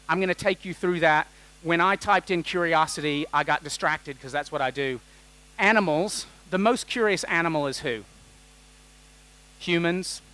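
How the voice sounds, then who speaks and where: A man giving an energetic, joking talk on a conference stage, tossing questions at the audience. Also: a little high, low-quality recording. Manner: energetic and jokey, quizzing the audience. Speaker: conference keynote speaker.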